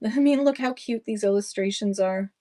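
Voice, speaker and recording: A woman's voice: mid-range voice, moderate pace, mellow. A woman running a live-stream book sale, chatting casually with rambling asides and thanking buyers by name. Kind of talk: casual live-auction selling chat.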